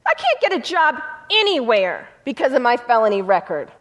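A woman's voice: a little high, very animated, moderate pace. A woman retelling the pleading words of a distraught young man, a former felon. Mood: emotional.

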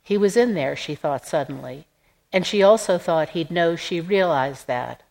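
A woman reading a literary novel aloud in an even, measured narration. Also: fairly low pitch, creaky, low-quality recording. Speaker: audiobook narrator. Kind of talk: scripted narration.

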